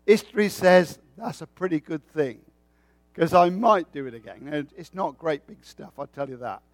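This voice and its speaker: A man's voice: fairly high pitch, normal speed, dry recording. A man preaching a sermon with a folksy, joking way of telling stories.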